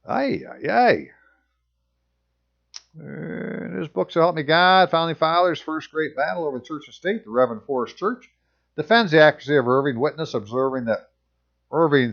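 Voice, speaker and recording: A man's voice: fairly high pitch, lively intonation, normal speed, vocal fry, fairly bright tone, highs cut off. A man reading passages aloud and commenting on them in casual, sarcastic asides as a channel host.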